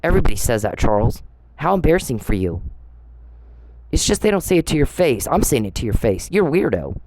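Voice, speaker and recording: A middle-aged woman with an extremely low, darkish voice vlogs a furious monologue to camera, very animated and a little fast. She's confrontational and sarcastic, swearing as she fires off rhetorical questions.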